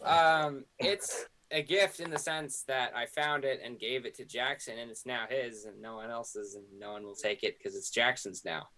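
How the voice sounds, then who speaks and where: A man role-playing his character in a tabletop game. His voice sits at an ordinary middle pitch. He talks in an insistent, deadpan way that turns flustered at times. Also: moderate pace, few pauses, a little hiss or hum. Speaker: player.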